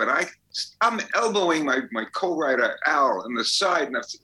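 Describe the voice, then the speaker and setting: A man's voice: medium pitch, very animated, moderate pace, pushed and bright, low-quality recording. A man in his eighties, a songwriter guest, telling anecdotes in a chatty way and laughing as he goes. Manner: chatty storyteller, laughs as he talks. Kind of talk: anecdotal interview.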